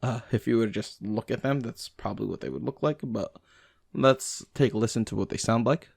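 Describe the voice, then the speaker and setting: A man reads language lesson notes aloud at a medium pitch, with uh's and small restarts, slowing over each example. The sound is close and dry. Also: gravelly, darkish tone, husky, no room sound. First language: English. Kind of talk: reading study notes aloud.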